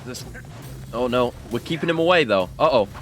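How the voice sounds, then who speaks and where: A male gaming streamer gives casual let's-play commentary, excitably yelping and swearing whenever the game surprises him. His voice is mid-range at a moderate pace, heard over music.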